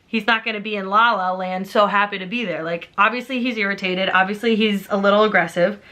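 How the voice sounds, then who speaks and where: Fairly quick and with fairly even intonation, this woman in her 20s speaks in a sharp, medium-pitched voice during a casual, chatty rant. The book vlogger sounds heartfelt, leans heavily on "like," and adds emphatic asides.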